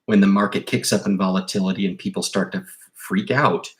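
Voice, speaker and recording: A man's voice: low voice, fairly even intonation, fairly quick. A man hosting a livestream about investing, talking casually and emphatically, often restarting his sentences. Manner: rambling, emphatic, with repeated restarts; insistent advice to viewers. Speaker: investing channel host.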